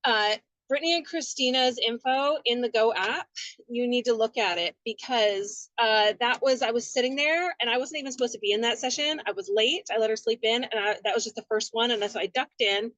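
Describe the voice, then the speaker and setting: A woman with a notably high voice tells a long, earnest story on a group call. She rambles from one thought to the next. She is calling in from her car, and her voice comes through its hands-free system with a dry, close sound. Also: a little fast, fairly bright tone, no room sound, lo-fi sound. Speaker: team member sharing on a call. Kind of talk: casual testimony sharing. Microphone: call audio through car hands-free system.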